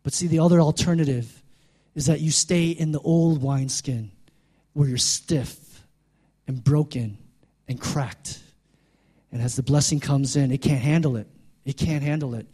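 A middle-aged man delivers a sermon in a fairly high voice, his lines climbing in pitch and force as he calls out to the congregation. Between the peaks he drops into quieter, joking asides. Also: measured pace, pauses often, slightly rough. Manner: rising preacher cadence, calls to the congregation; joking asides in a lower conversational voice. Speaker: pastor.

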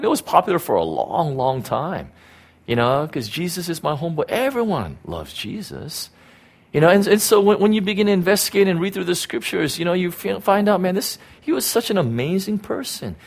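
A middle-aged pastor preaching in a loose storytelling manner, full of "you know" asides and restarts. His voice sits at an ordinary middle pitch for a man. He talks to his congregation like a friend. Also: gravelly. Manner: storytelling, conversational, many fillers and restarts. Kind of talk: sermon.

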